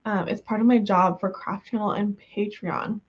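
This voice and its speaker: A woman's voice: mid-range voice, fairly even intonation, normal speed, breathy edge, highs cut off. A woman from the US West Coast chatting casually with viewers on a livestream, giggly and full of fillers, just over being sick. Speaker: livestream host.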